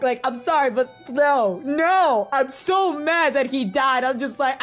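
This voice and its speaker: A woman's voice: high-pitched, unhurried, few pauses, soft background music. A woman co-hosting a casual fan discussion, talking in an emotional, gushing way and rambling with lots of fillers. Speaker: podcast co-host.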